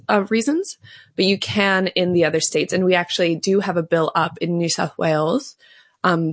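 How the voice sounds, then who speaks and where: A woman's voice: on the low side, dry recording, clean studio sound. A woman from Canada, telling her story in an earnest, fluent way as an interview guest. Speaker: guest, pro-life advocate. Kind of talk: interview conversation.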